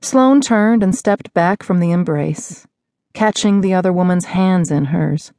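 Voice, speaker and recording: Woman reading an audiobook, low mellow voice, slow and intimate, dry close studio sound. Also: no room sound. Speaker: audiobook narrator. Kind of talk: scripted narration. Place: recording studio.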